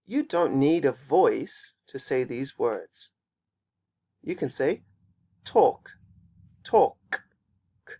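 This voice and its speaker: Male English teacher, unhurried delivery, repeats each word for the class. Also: fairly high pitch, a little mellow, breathy edge. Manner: slow, patient, repeats words for students. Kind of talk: pronunciation lesson for students. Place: teaching in Japan.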